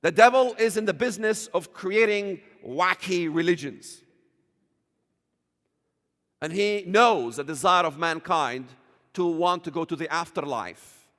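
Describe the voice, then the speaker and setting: A man speaking as a guest in a church, emphatic and combative, often rising to shouts. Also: high-pitched, measured pace. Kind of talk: fiery preaching talk. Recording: reverberant church hall.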